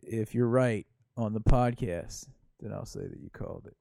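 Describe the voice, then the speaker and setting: A man's voice: on the low side, moderate pace, vocal fry, dark tone, no echo, clean studio sound. A man co-hosting a casual sports podcast, chatty and ribbing his friends. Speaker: podcast co-host.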